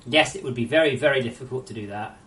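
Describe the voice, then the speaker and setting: A woman's voice: very deep voice, fairly bright tone. A woman game developer on a casual live stream, reading viewer messages aloud and ranting with lots of swearing. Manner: profane, ranting, quick to anger.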